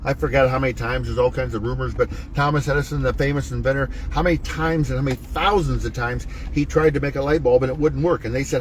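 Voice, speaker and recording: A man's voice: mid-range voice, steady tone, quick pace, hardly any pauses, slight background noise, poor audio. A man hosting a motivational talk, coaching viewers in a preachy, emphatic, folksy way with wide swings in his voice. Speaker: host.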